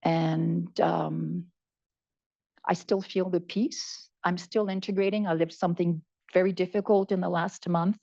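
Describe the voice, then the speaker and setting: A woman's voice: lowish voice, fairly even intonation, unhurried, vocal fry, warm tone, highs cut off. A woman in her seventies giving a heartfelt personal talk, repeating words for emphasis. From Canada. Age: 70s. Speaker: conference speaker.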